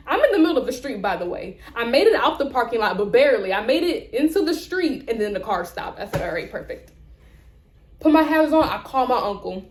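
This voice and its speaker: A woman's voice: sits high, echoey room. A young woman vlogger telling a rant-style story, acting out the people in it. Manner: animated, acts out both sides of conversations.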